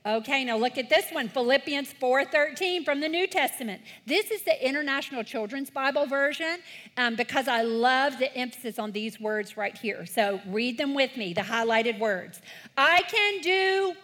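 A woman's voice: sits high, moderate pace, fairly bright tone. A woman leading a church talk for kids and parents, earnest and encouraging, calling the congregation to read scripture aloud with her. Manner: leads call-and-response scripture reading. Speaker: children's ministry leader.

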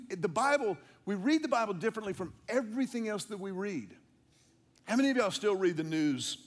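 A man preaching a conversational sermon, with playful asides and repeated words for emphasis. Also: sits high. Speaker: pastor.

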